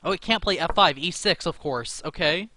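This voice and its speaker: A man's voice: on the high side, moderate pace, pushed and bright, slight background noise. A young man talking himself through a chess game against the computer, anxious and laughing nervously at his own moves. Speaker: chess streamer. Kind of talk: live game commentary.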